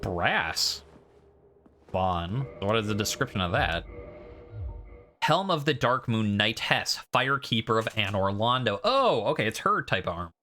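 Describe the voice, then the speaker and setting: A male game streamer talks through his playthrough in a casual, rambling way, often stopping himself and poking fun at his own stumbles over words. His voice is bright and forceful, set a little low for a man. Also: very animated, unhurried, soft background music. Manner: rambling, self-deprecating. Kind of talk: casual gameplay commentary.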